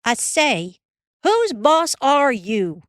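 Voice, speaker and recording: A woman's voice: medium pitch, animated, extremely slow, a little mellow, clear, resonant tone, no echo, studio quality. A woman voicing a sullen, stubborn farm boy of nearly ten who mutters and talks back.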